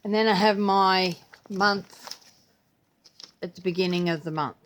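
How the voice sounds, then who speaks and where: An older grandmother chats casually in her vlog, rambling and putting on playful voices as she retells things. Her voice sits at a medium pitch with a measured pace, and there's slight background noise.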